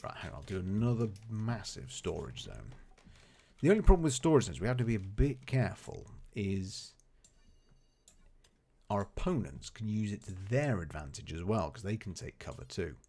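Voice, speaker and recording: Male streamer, low gravelly voice, lively pitch, rambling chatty play-by-play, faint music bed. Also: moderate pace. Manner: chatty, rambling, talks to his game characters. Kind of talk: casual live gameplay commentary.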